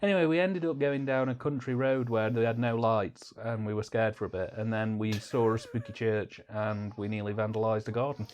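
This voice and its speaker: A man's voice: on the low side, fairly even intonation, brisk, few pauses, a little mellow. Jokey man hosting a commentary. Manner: jokey, rambling, hesitant with fillers. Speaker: host of a film commentary channel. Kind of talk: casual chat.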